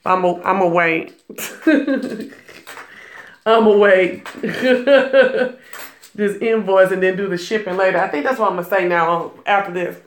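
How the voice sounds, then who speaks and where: A woman's voice: mid-range voice, fairly even intonation, a little fast, reverberant. A woman hosting a casual live stream, chatting and gossiping with viewers while selling jewelry, laughing often and greeting viewers by name. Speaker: livestream jewelry seller and gossip host.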